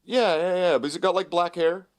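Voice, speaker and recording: A man's voice: high-pitched, moderate pace. A man co-hosting a casual chat, rambling and laughing often. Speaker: co-host.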